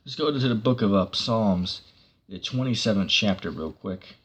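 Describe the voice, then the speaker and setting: A man's voice: lowish voice, moderate pace, a bit bright, breathy edge. A man giving a casual online sermon, rambling with many fillers and breaking into sarcastic bursts. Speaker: preacher.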